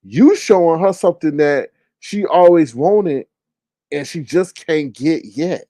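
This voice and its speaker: A man hosting casual gossip commentary, talking in an animated, incredulous way and swearing freely. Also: fairly high pitch, a little slow, dry recording. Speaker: commentary channel host.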